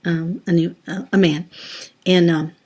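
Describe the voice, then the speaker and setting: A woman's voice: fairly low pitch, steady tone, a little slow, a little mellow, breathy edge. A woman telling a personal faith story in a casual, rambling way, with many fillers and restarts. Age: adult, former teacher. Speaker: Christian sharing a testimony.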